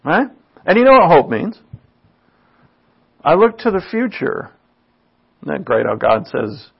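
A preacher speaks at a medium pitch and moderate pace, animated, with vocal fry, a breathy edge, and long pauses. His informal sermon is chatty, full of "right?" check-ins and laughter at his own asides, captured in a dull lo-fi recording.

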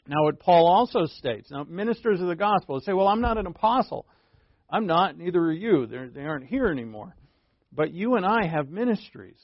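A man teaching a sermon as pastor, with slow, emphatic stresses and small asides to the listeners. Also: fairly high pitch, animated, no room sound. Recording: dull, lo-fi dry recording.

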